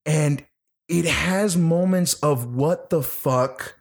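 A man's voice: fairly high pitch, slow pace, gravelly. A man talking casually about a movie, swearing and laughing as he tells the plot. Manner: animated, profane, laughing storyteller. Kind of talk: casual movie review chat.

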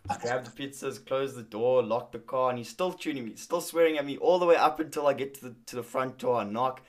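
A man's voice: medium pitch, a little fast. Young man telling a story casually. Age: young adult. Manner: storytelling, acts out quoted dialogue, frequent fillers and restarts. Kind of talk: casual conversation.

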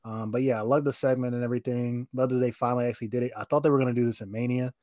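A man co-hosting a podcast, talking in a loose, rambling way full of fillers. His voice sits at an ordinary pitch and sounds dry and close to the mic, with no room around it. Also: very fast, no echo. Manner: rambling, filler-heavy, animated opinions. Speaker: podcast co-host. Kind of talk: casual chat.

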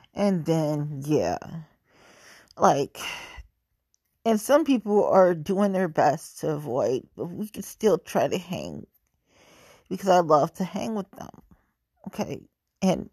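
A woman's voice: lowish voice, husky, dry recording, studio quality. A woman venting in a profane, exasperated monologue.

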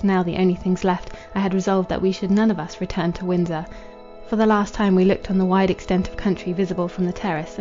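A woman narrates a literary novel in a measured, formal way, her voice mellow and dark in tone. Her pitch stays flat and level from line to line. The recording sounds dull and lo-fi, with faint music underneath. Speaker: audiobook narrator.

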